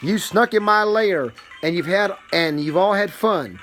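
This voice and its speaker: A man's voice: high voice, animated, unhurried, fairly bright tone, faint music behind. A man voicing a big, grumpy bear who complains about being woken, reading a picture book aloud. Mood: aggrieved.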